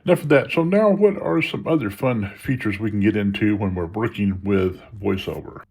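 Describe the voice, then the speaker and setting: A man's voice: lowish voice, animated, normal speed, vocal fry, darkish tone, breathy edge. A man giving a casual tutorial on phone settings, explaining each step in an easygoing way with small restarts. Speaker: video creator demonstrating phone settings. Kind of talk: casual screen-reader tutorial.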